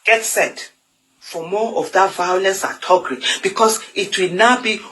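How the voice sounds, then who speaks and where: A woman's voice: mid-range voice, measured pace, bright, forceful tone, slight background noise, rough recording. A Nigerian woman with a Nigerian accent giving an impassioned political monologue, fiery and emphatic with lots of repetition. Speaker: political commentator.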